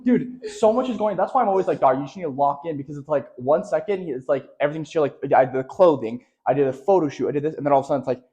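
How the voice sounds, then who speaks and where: Young dude just rambling on his podcast, voice a bit high, lots of likes. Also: racing, few pauses, warm tone, dull audio. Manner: loose rambling chat, full of "like" and "okay". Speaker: podcast co-host. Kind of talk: casual chat.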